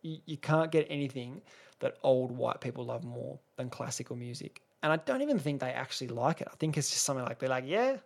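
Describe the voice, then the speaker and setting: A man's voice: mid-range voice, lively intonation, fast talker, vocal fry. A young Australian man hosting a solo podcast, rambling and sarcastic, swearing freely and restarting his sentences. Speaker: podcast host. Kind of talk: casual solo podcast rant.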